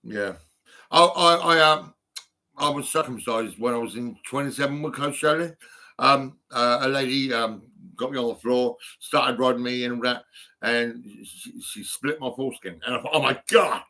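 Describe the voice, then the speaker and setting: A man talks into his phone, rambling and restarting between ums. His voice is bright and forward, and he chuckles at his own stories as he goes. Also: medium pitch, moderate pace. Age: 50s. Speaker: vlogger. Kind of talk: rambling personal monologue.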